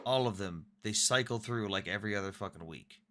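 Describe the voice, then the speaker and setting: A man's voice: lowish voice, fairly quick, pushed and bright, slight background noise. A man hosting a casual online debate, talking bluntly and sarcastically with frequent swearing. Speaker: debate host.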